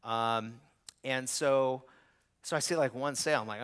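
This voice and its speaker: A middle-aged man speaking to a live audience, telling a business story with animated bursts and acted-out quotes. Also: mid-range voice, measured pace, smooth.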